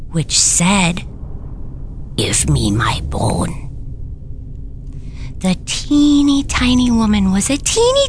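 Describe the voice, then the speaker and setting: A woman reading a children's story aloud, slow and expressive, dropping her voice low for suspense. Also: slight background noise.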